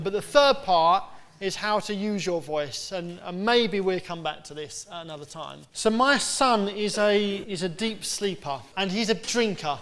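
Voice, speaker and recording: Man, high pitch, pastor, sermon, anecdotal, chatty, fillers. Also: fairly bright tone.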